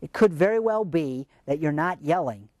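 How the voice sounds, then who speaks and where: Man coaching in a lively voice. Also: fairly high pitch, moderate pace, no echo, clean studio sound. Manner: gentle, coaching, asks many rhetorical questions. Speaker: parenting advice host. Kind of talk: scripted advice talk.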